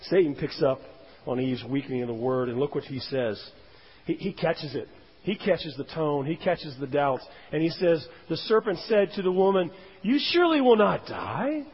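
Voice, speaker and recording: Husky-voiced preacher in a dull echoing hall. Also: male voice, on the high side, moderate pace. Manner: emphatic, rising and falling for emphasis. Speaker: pastor. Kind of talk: sermon. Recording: dull, roomy hall sound.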